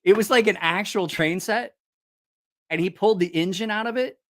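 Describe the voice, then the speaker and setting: A man's voice: high-pitched, moderate pace. A man hosting a livestream, telling rambling, profane stories with a laugh, a little tipsy after a few drinks. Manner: lively, profane, laughing storyteller. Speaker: livestream host. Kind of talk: casual storytelling livestream.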